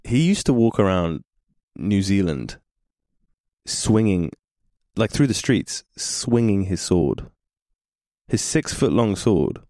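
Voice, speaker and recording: A young man with a deep, low voice muses about performing in a relaxed chat, often trailing off and laughing easily. The sound is close and dry, with no room around him. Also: slow pace, pauses often, no echo. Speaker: guest, actor and performer. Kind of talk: casual podcast conversation.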